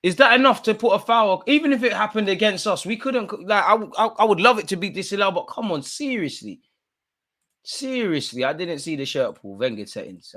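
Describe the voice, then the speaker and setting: A man co-hosting a live football watch-along, exasperated and heckling the referee, dropping into mutters and rising to shouts with plenty of street slang. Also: sits high, animated, brisk. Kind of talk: live match commentary and banter.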